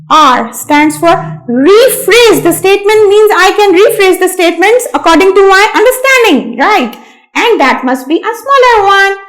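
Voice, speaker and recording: A woman with a very high voice teaches young children a lesson. She goes slowly and stresses each key word, often saying it twice, and talks straight to her students. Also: poor audio. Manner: slow, emphatic, repeats key words; addresses listeners as dear students.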